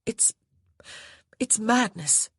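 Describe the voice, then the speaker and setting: A man's voice: sits high, expressive, very slow, gravelly, husky, no room sound, studio quality, pitched above the performer's own voice, full character voice. Grace, a man voicing an earnest young bride. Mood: pleading. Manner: pleading, insistent, often hushed. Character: determined young noblewoman bride. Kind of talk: audiobook character voice.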